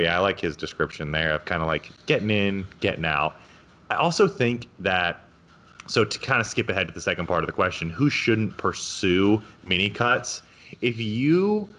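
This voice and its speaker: A man's voice: deep voice, a bit bright. A man hosting a casual podcast discussion, joking and self-deprecating as he gives coaching advice. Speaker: podcast host.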